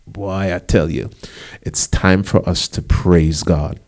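Male pastor, lowish voice, lively sermon delivery with emphatic rises; for a preaching role. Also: takes it slowly. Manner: animated preaching with rising emphasis and asides.

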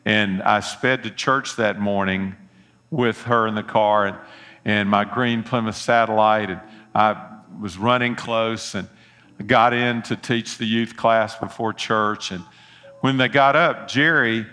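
A man's voice: lowish voice, steady tone, measured pace, bright, forceful tone. A middle-aged man, preaching a sermon and telling folksy personal stories with earnest appeals. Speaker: pastor.

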